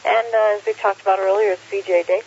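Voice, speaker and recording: As net control operator on an amateur radio net, a man with a high voice and vocal fry talks fast while casually reading the day's holidays. He's relaxed and joking, full of "uh" fillers, on lo-fi radio audio with faint hiss.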